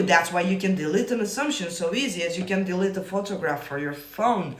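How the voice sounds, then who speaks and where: A man coaching manifestation on a live stream, answering viewer comments in a profane, emphatic, often yelling way. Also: sits high, animated, fairly quick. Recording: roomy echo.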